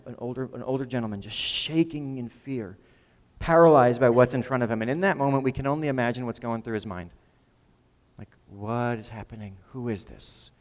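Guy preaching a sermon, chatty and loose, keeps repeating himself, mid pitch, big echoey hall. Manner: conversational, repeats words when building a point. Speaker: pastor.

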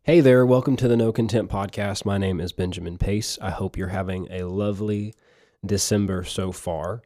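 Mellow rambling podcast host. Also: male voice, fairly low pitch, fairly even intonation, moderate pace. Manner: rambling, repeats words and restarts. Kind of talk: casual devotional podcast talk. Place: lives in Missouri.

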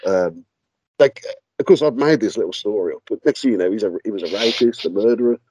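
A man's voice: fairly low pitch, fast talker, breathy edge, dry recording, rough recording. A man, a paranormal investigator chatting as a podcast guest, telling stories with frequent laughter and casual swearing. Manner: animated storyteller, laughs often, swears casually.

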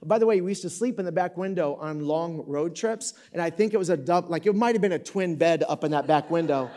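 His voice is fairly high, dark and brisk: a pastor in his fifties from Michigan. He addresses a live auditorium audience in a conversational sermon, joking and revising himself as he recounts a story.

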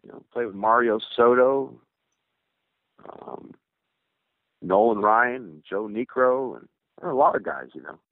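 A man's voice: medium pitch, expressive, unhurried, vocal fry, long pauses, dry recording, phone-quality sound. An older man talks through a cell phone, and the line sounds thin and dry. He rambles through his stories, laughing and joking as he goes. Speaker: former pro baseball player as guest. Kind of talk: casual storytelling interview.

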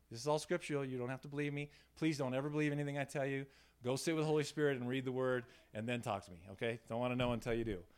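A man preaching an informal sermon in a small room, telling stories with laughter and frequent "right?" asides to his listeners. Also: medium pitch. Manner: animated, laughing, frequent "right?" tag questions. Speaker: pastor. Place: small room in a church setting.

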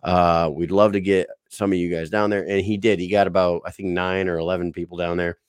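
A man hosting a podcast, telling a story in excitable, profane casual chat. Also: deep voice, fairly quick, clear, resonant tone, no echo, clean studio sound. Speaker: podcast host.

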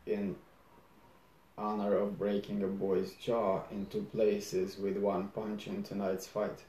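A man reading aloud as a stern, sarcastic old father, scolding slowly and low in a roomy space. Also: monotone, warm tone. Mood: scornful.

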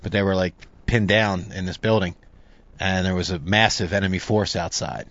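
A man's voice: deep voice, fairly even intonation, moderate pace, fairly bright tone, no echo, lo-fi sound. A man hosting a talk show, sharing stories in an earnest, casual way, often searching for words. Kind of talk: casual chat.

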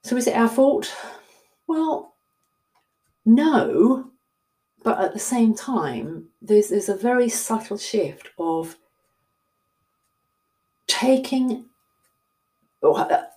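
A woman's voice: a little high, animated, extremely slow, pauses often, warm tone. A middle-aged woman with a southern English accent, a coach chatting casually to her viewers in a rambling, self-deprecating way. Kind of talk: casual talk to camera.

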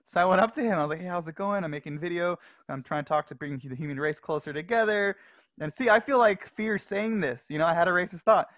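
Male podcast guest, animated storyteller, laughs often, dry close sound. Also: high voice, fast, dry recording. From Los Angeles. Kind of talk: casual storytelling.

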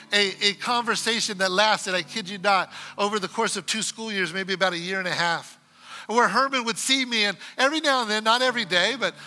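A man preaching a sermon and telling a story, acting out the dialogue and swinging from loud exclamations to quiet asides. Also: high voice. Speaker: pastor.

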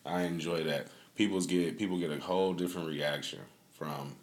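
A man's voice: low-pitched, fairly even intonation, normal speed. A man hosting a podcast in casual chat, a loose, profane storyteller who laughs often. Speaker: podcast host.

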